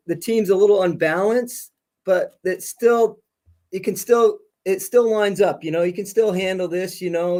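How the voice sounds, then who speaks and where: A middle-aged high school principal, appearing as a guest on a video-call podcast, tells stories with plenty of energy and laughter. His voice is high with a darkish tone, and the talk is casual interview storytelling.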